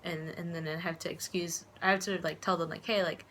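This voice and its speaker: A woman's voice: lowish voice, level tone, fairly quick, bright, forceful tone, slight background noise. Rambling young American woman vlogging. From United States. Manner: rambling, full of fillers and restarts, acts out quoted voices. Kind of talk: casual rambling vlog.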